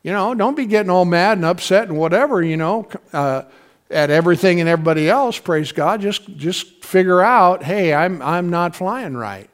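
A man's voice: high-pitched, expressive, moderate pace. A man preaching a sermon in a loose, conversational way, tossing in casual slang and calling on the congregation to answer him. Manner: conversational, calls for responses from congregation; folksy slang. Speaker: pastor.

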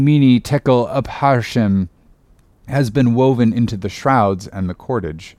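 A man's voice: medium pitch, a little mellow, no room sound. Man narrating a classic sea novel. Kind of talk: audiobook narration.

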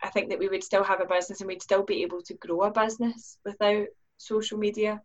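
A woman's voice: medium pitch, little pitch movement, quick pace, lo-fi sound. A woman, a business owner, speaking earnestly as a podcast guest and acting out her own inner questions in livelier voices. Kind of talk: podcast conversation.

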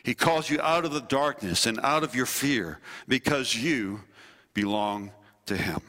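A man, a pastor and former army chaplain, preaching a sermon with earnest delivery, slowing and dropping low on key phrases. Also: pushed and bright. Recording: long hall reverb.

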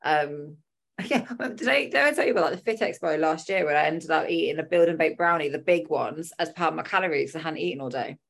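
A young adult woman chatting casually, telling lively stories and acting out what people said, swearing freely. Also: deep voice, fast, creaky. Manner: animated storytelling, acting out quotes. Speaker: fitness competitor. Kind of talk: casual chat.

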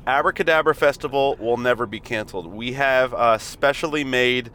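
A man's voice: medium pitch, normal speed, pushed and bright, slight background noise. Chatty man co-hosting from a car. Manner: chatty, joking banter. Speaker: podcast co-host. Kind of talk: casual chat. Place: inside a car.

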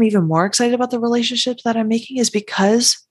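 A woman's voice: on the high side, steady tone, fast talker, a little mellow, husky. A woman hosting a podcast, talking on her own in an earnest, heartfelt and emphatic way. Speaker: podcast host. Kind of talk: solo podcast monologue.

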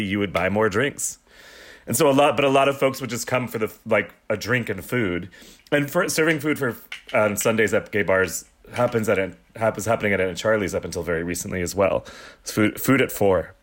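A man hosting a podcast, relaxed, telling a history in a storytelling way. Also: on the low side. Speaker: host.

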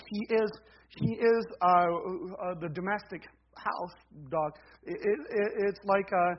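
A man's voice: high voice, dull audio, slight background noise. A male pastor preaching a conversational sermon, peppering it with "right?" and hammering home repeated refrains.

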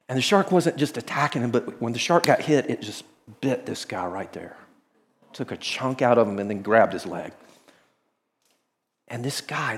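Animated man preaching in a reverberant hall. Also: mid-range voice. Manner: animated storytelling, dropping to hushed tones. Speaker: pastor. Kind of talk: sermon. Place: large auditorium.

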